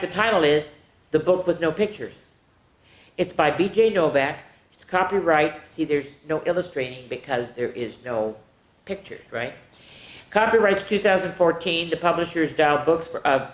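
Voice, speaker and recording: Slow, playful woman reading to kids. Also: deep voice. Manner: playful, animated, making silly sounds and voices. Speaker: children's storytime host. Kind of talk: reading a picture book aloud to children. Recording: echoey room.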